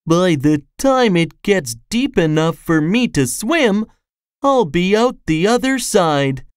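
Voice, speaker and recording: A narrator voicing a very tall, gloomy male storybook character who talks in slow, mournful sighs. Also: medium pitch, sing-song, clear, resonant tone, no room sound, studio quality, pitched above the performer's own voice. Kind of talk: storybook reading.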